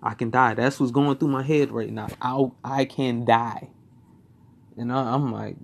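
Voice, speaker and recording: A young man tells a story from his own life in a loose, rambling way. He swears freely and often circles back over the same words. His voice is gravelly, with a rough crackle at mid pitch. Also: steady tone, a little slow. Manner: swearing, rambling, repeats himself. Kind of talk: casual personal storytelling.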